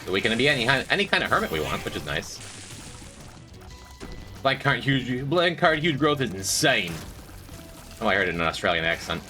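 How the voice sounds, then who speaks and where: Male streamer, low pitch, animated, wry, music in the background. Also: fairly quick, long pauses. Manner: dry, joking, talks to chat. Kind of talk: casual gameplay commentary. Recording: faint music behind.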